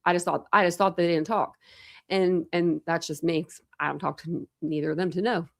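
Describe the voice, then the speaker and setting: A woman's voice: on the low side, fairly even intonation, fairly quick, vocal fry, no room sound, clean studio sound. A woman hosting a casual true crime livestream, rambling chattily with lots of fillers and restarts.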